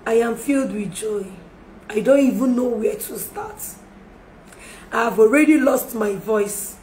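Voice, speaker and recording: A woman's voice: fairly high pitch, measured pace, a little mellow. A woman in an emotional live-stream appeal, pleading and apologizing again and again, recorded on a phone. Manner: pleading, repeats apologies and requests for forgiveness. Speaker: livestreamer making a public apology. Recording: echoey room with faint background noise.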